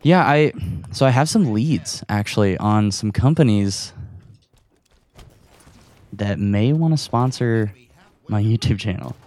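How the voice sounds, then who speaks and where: A man's voice: lowish voice, lively intonation, takes it slowly, pauses often, darkish tone. Rambling young man podcasting while gaming. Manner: rambling, self-deprecating, laughs often. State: out of breath. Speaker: podcast host. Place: his room at home. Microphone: audio recorder.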